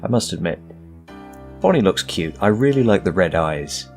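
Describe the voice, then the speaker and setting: A man's voice: sits low, animated, moderate pace, faint music behind. A man commenting on a game as he plays, joking and mocking himself while thinking aloud. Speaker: let's play gamer.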